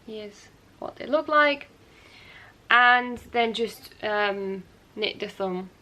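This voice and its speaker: A woman's voice: mid-range voice, takes it slowly, sharp tone. A young woman hosting her knitting podcast, talking casually and rambling a little with light laughs and self-corrections as she shows her work. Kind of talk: casual show-and-tell chat.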